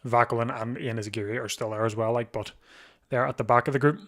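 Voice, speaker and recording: A man's voice: mid-range voice, steady tone, fairly bright tone. A man hosting a live watch-along of a bike race, chatting casually with frequent restarts, sleepy and yawning. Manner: chatty, thinks aloud with restarts, quick to laugh. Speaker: live stream host.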